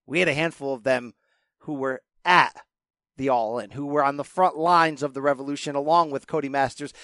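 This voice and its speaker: Energetic, slightly high-voiced male podcast host. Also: no echo, studio quality. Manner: energetic, emphatic, chatty. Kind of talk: casual podcast chat.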